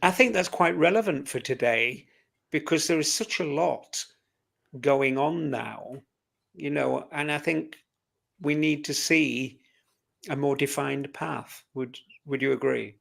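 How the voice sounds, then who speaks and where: A man's voice: on the high side, unhurried, gravelly, fairly bright tone. A man taking part as a guest in a casual live-stream chat, speaking in an earnest, reflective way.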